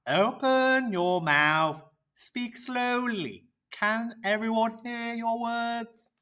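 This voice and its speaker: Performer voicing a confident kids' speaking coach, teacherly, very slow, bright tone. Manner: slow, deliberate, teacherly, with lively pitch. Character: cheerful, confident teacher character. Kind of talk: children's educational roleplay.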